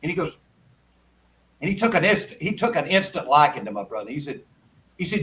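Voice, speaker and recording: Brief: older man, high bright voice, folksy storyteller, distant call audio. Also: sing-song, a little fast, pauses often. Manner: folksy, rambling anecdotes with repeated asides. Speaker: guest songwriter. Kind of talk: casual storytelling interview.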